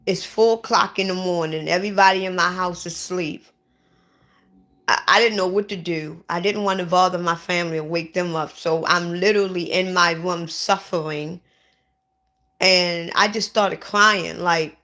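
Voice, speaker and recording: Slow-talking sick woman, bright voice. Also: lowish voice, steady tone. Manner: upset, repeats herself, restarts often. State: sick, lightheaded. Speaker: vlogger. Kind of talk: casual livestream talk.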